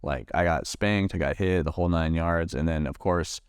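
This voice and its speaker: A man with a very deep, smooth voice tells his own story in a sit-down interview. He talks in a halting way, full of fillers and restarts, and swears freely. He is recorded close in a dry space. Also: no echo. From Nebraska, USA. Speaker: Marine veteran guest.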